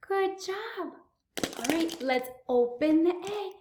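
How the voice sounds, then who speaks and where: A young woman speech therapist giving a children's speech lesson, slow and exaggerated, with excited gasps. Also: very high voice, roomy sound.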